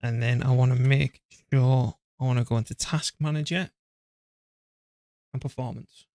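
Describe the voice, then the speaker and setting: A man's voice: medium pitch, fairly even intonation, normal speed, dark tone, no room sound, clean studio sound. Chatty man streaming a strategy game. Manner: chatty, self-deprecating, talks to his PC and game while playing. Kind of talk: live gameplay commentary.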